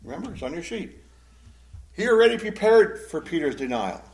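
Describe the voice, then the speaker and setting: A man teaching a Bible class as a pastor, emotive, swinging between loud emphasis and hushed, sad tones. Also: on the high side, big pitch swings, a little fast, vocal fry, rough recording.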